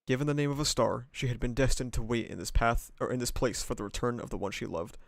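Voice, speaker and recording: A man with a mid-pitched voice reads a novel aloud on a live stream and stops often for crude, laughing reactions. The sound is close and dry, with no room echo. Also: quick pace, creaky. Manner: casual and profane, breaking into laughs and asides.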